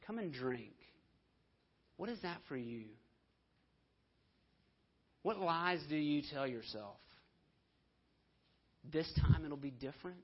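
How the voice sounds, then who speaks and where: Male preacher, impassioned, hushed then emphatic, slightly high voice, dull lo-fi recording. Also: expressive, slow, long pauses, breathy edge. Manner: impassioned, swinging between soft hushed lines and loud emphatic ones. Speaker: pastor. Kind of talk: sermon. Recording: dull lo-fi sermon audio.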